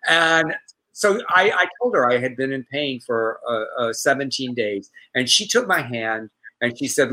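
A man co-hosting a talk show, chatting casually and telling a personal story with animated quoted voices. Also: mid-range voice, normal speed, rough recording. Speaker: co-host.

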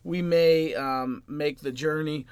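A man's voice: on the high side, slow, clean tone, no echo. A man hosting a podcast, hyping the intro and then chatting casually with his co-host. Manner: energetic announcer-style intro, then relaxed.

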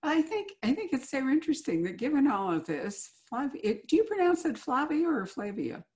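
A woman's voice: sits high, big pitch swings, a little fast, a little mellow. A woman interviewing an author, chatty and enthusiastic in a casual conversation.

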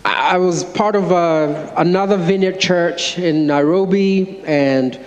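A man, an associate pastor, preaching by telling an animated, self-mocking story to his congregation. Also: high-pitched, takes it slowly, lo-fi sound. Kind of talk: sermon storytelling. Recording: long church-hall reverb.

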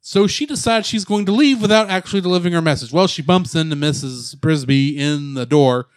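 A man co-hosting a casual movie podcast, retelling the plot with jokes and quick asides. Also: a little high, clean tone, no echo. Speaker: podcast co-host. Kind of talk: casual movie recap chat.

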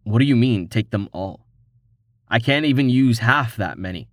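A man's voice: mid-range voice, expressive, moderate pace, dry recording, natural voice. A weary young adventurer, voiced by the male narrator close to his own natural voice. He talks in a tired but patient way, recorded dry and close.

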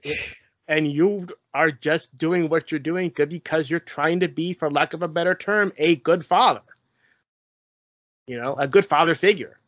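A man's voice: a little high, normal speed, a bit bright, dry recording. A man co-hosting a podcast, chatting casually and rambling with fillers and repeated words. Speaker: podcast co-host. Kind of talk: casual chat. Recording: dull lo-fi podcast mic.

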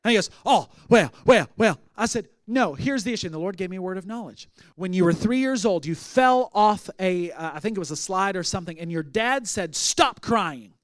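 A man's voice: high-pitched, lively intonation, brisk, few pauses, no room sound, clean studio sound. A male pastor preaching a sermon, telling stories and acting out the people in them, then rising to emphatic declarations. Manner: storytelling, acting out quoted voices, rising to emphatic outbursts.

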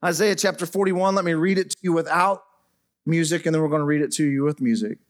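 High-voiced preaching pastor. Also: male voice. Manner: preaching with pauses, dropping soft and low over piano. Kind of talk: sermon. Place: church sanctuary. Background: faint piano playing.

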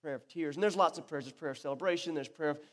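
This pastor speaks rapid-fire in a slightly high voice, preaching to his church in a hall with noticeable echo. Casual and animated, he keeps breaking off and starting sentences over.

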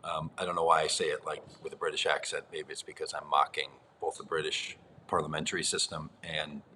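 A man's voice: rumbling low, flat delivery, brisk, sharp tone, a little hiss or hum. A man co-hosting a live-streamed podcast, joking and teasing through casual banter from a rented apartment. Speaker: podcast co-host. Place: rented apartment unit indoors.

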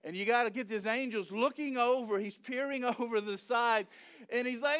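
Male pastor, conversational and animated storytelling, high and clear voice. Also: moderate pace. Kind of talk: sermon.

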